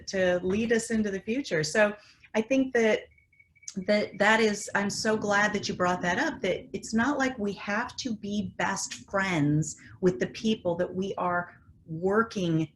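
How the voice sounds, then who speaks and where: Measured, earnest woman host. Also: lowish voice, a little hiss or hum. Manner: earnest, measured, with tag questions. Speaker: radio show host. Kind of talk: interview conversation.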